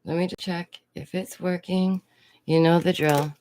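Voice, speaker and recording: A woman's voice: lowish voice, steady tone, unhurried, a little mellow, a little hiss or hum. A young woman, a streamer and art teacher, chatting casually to her viewers, laughing often and greeting them directly. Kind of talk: casual livestream chat. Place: indoors at home.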